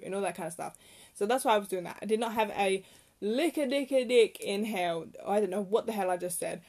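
A woman's voice: medium pitch, expressive, moderate pace, a little mellow. A young woman hosting her own podcast from her bedroom, chatting casually in a rambling, self-deprecating way. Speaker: podcast host. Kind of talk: casual solo podcast chat.

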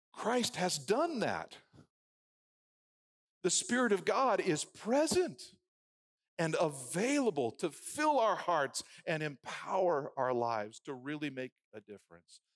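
A man preaching a sermon who builds phrases into rhythmic lists and drops from loud emphasis to a hushed, prayerful murmur. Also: fairly high pitch, no echo, clean studio sound.

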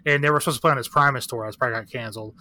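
A man's voice: mid-range voice, rapid-fire, sharp tone. A man talking as a podcast guest in a candid, rambling, profane casual chat full of fillers. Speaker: guest, record shop owner.

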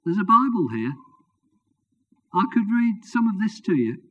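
A preacher reading out a plain, unsure nurse. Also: male voice, sits high, very animated, a little slow, bright, forceful tone, pitched above the performer's own voice, exaggerated voice. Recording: dull lo-fi recording.

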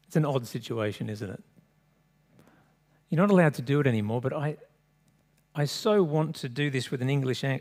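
A man preaching a sermon, reading scripture aloud expressively with large swings in pitch and loudness. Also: normal speed, pauses often. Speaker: pastor.

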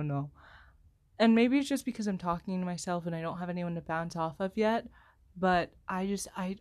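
Apologetic young woman rambling with fillers. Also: on the low side. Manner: self-deprecating, apologetic, heavy filler words; speaks slowly, pauses to find words. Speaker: solo podcaster. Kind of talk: rambling solo chat. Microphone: headphone microphone.

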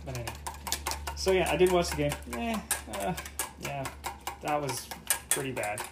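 A Canadian man with a gravelly, animated voice on the high side talks at normal speed while cooking breakfast in his home kitchen. Hosting his casual solo podcast, he rambles, jokes, and curses freely amid heavy background noise from clattering dishes and cutlery.

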